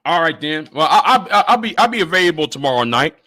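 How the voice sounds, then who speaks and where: A man's voice: a little high, animated, fast, bright, forceful tone. A man hosting a casual livestream, angry, swearing constantly and stammering over repeated words. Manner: profane, stammering repetitions. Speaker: livestream host.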